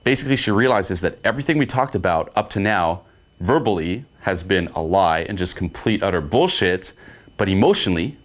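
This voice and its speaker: A man coaching on dating in a casual, profane way, often checking in with "okay?". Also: sits low. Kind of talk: instructional monologue.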